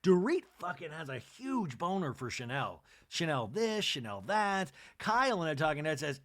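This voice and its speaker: A male podcast host recapping reality TV with irreverent glee. He swears freely and giggles between lines, his voice sitting on the higher side for a man. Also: very animated, moderate pace, few pauses, a bit bright.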